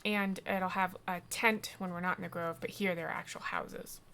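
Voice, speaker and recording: A woman's voice: lowish voice, steady tone, normal speed, vocal fry, pushed and bright. A woman streaming a video game, giving chatty, rambling commentary full of ums. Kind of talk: casual gameplay commentary.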